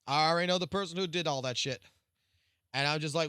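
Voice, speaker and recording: A man's voice: fairly high pitch, fast, bright, forceful tone, clear, resonant tone, no room sound, studio quality. A man live-streaming, ranting casually with heavy swearing and rambling restarts. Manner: profane, rambling, restarts sentences. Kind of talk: casual late-night stream rant.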